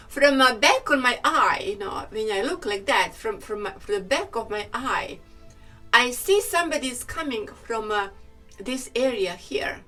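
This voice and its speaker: Chatty woman with a bright voice. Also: a little high, expressive, unhurried, recorded from a distance, faint music behind. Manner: chatty, laughs often, acts out quoted people. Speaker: vlogger, hair and wig specialist. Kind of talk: casual storytelling to camera.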